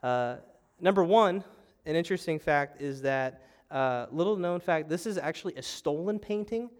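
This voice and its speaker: A man's voice: on the high side, animated, normal speed. A young adult man preaching a sermon as pastor, telling the story with animation and acting out panicked voices. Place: church sanctuary.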